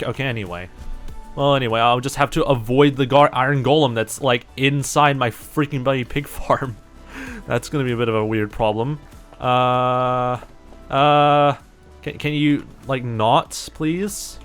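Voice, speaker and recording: A young New Zealand man with a sore throat and stuffy nose rambles casually while live-streaming a game, faint music behind him. His voice is medium-pitched and fairly bright at a moderate pace, full of fillers and mock exasperation.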